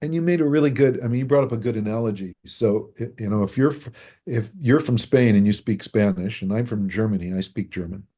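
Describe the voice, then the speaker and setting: A man speaking as a guest author in a podcast interview, animated, acting out what people say and chuckling between points. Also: lowish voice, a little fast. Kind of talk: conversational interview.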